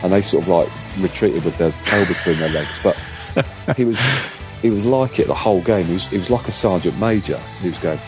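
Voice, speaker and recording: A middle-aged man telling a lively story in casual chat, acting out what others said. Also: low voice, fairly quick, over music. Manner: animated storyteller, acts out quotes. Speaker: co-host.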